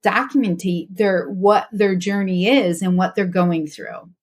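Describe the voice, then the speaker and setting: A woman's voice: medium pitch, a little slow. A woman guest on a faith podcast, talking earnestly and reflectively about her journey, with frequent restarts.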